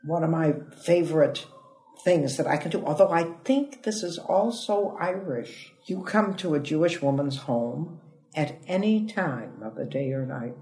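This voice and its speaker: A woman, a comedian telling stories in an interview with a chatty, lively manner that swoops up for emphasis. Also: low voice, measured pace. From United States (Ohio). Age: 80s. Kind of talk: animated interview storytelling. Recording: echoey room.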